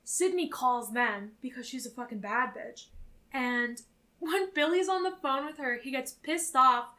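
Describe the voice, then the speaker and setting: A young woman co-hosting a podcast, casually recapping a film in an animated, profane way. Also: high voice, a little slow. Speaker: podcast co-host.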